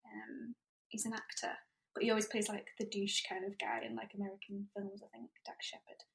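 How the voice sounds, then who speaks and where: A woman co-hosting a podcast, chatting in a relaxed way with hesitant fillers. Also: mid-range voice, a little fast, vocal fry. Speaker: podcast co-host. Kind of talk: casual chat.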